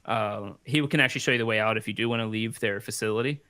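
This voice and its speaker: A man's voice: fairly low pitch, quick pace, sharp tone, smooth, no room sound. A man narrating as game master of a tabletop role-playing game, loose and laughing often.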